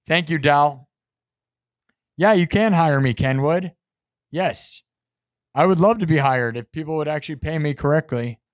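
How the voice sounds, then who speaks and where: This is a musician running a live music stream, with a voice that's a little high and no room sound. His casual talk with the chat turns boastful and defensive.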